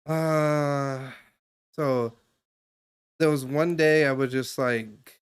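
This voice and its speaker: A man's voice: mid-range voice, steady tone, very slow, clear, resonant tone. A young man streaming live, talking loosely and at length as he gives a stranger casual advice, full of fillers and restarts. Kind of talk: casual chat giving advice.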